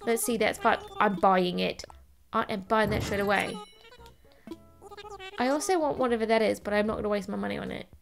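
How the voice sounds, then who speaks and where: A woman's voice: medium pitch, a little fast, gravelly, long pauses, faint music behind. A woman giving rambling, chatty, self-deprecating commentary while playing a video game. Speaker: let's play host. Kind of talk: casual gameplay commentary.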